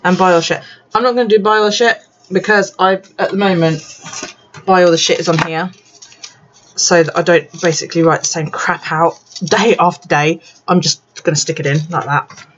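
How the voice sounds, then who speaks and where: A woman's voice: fairly low pitch, steady tone, normal speed. A tipsy woman chatting casually as she works on her journal, swearing and laughing often. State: tipsy, drinking. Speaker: bullet journal vlogger. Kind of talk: casual chat while crafting. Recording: dull lo-fi sound, faint background noise.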